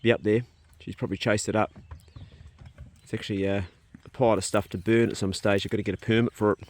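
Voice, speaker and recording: A man's voice: lowish voice, little pitch movement, quick pace. A man homesteading outdoors on his farm, chatting casually as he gardens and talks to his sheep and dogs. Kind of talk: casual outdoor vlog commentary. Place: outdoors on a rural farm paddock. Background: sheep and dogs nearby.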